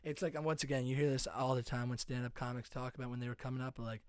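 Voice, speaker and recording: A man's voice: mid-range voice, little pitch movement, racing, smooth, dry recording. Joking young New Jersey man. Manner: loose, joking, profane. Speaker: podcast co-host. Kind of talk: casual chat.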